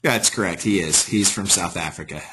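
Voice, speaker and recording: A man's voice: low-pitched, fairly bright tone, slightly rough. A man being interviewed about his staffing company, easygoing and salesy. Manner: easygoing, salesy, quick to agree. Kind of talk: casual business interview.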